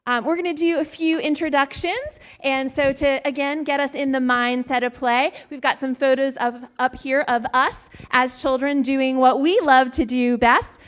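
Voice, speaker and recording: A woman introducing a panel talk in a relaxed way, with a few ums. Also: sits high, normal speed, few pauses. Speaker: museum vice president opening a panel.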